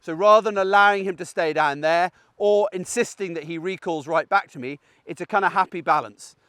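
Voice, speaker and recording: This dog trainer, a middle-aged man, has a high, clear, resonant voice that's a bit bright and a little fast. Walking his dog in a field, he explains recall training in a chatty outdoor tutorial, checking in with "okay?", recorded at studio quality with no room sound.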